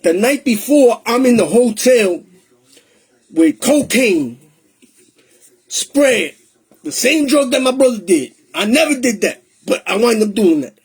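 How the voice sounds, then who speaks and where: A man shares his personal testimony in a high, husky voice, speaking in a streetwise, emotional way and mixing Spanish phrases into his English. He's animated but keeps a measured pace, pausing often.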